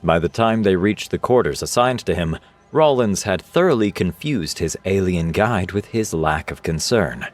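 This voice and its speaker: Male story narrator: deep, expressive, faint music bed. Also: moderate pace. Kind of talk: scripted sci-fi story narration.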